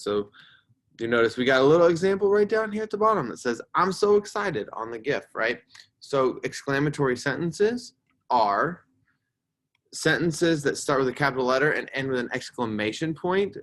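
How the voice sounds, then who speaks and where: A male teacher giving a recorded grammar lesson to fourth graders, acting out example sentences with loud, excited emphasis. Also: mid-range voice.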